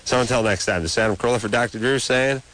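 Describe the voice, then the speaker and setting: A man's voice: medium pitch, rapid-fire, a bit bright, poor audio. A man in his thirties hosting a late-night radio call-in show, ranting in long, opinionated riffs. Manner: rambling, opinionated rants. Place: radio studio. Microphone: studio microphone.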